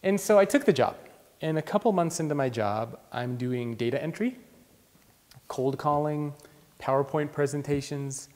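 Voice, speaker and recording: Lively young male storyteller. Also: a little high, normal speed. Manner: lively storyteller who acts out voices. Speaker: interview guest. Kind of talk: conversational storytelling. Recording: long reverb in the room.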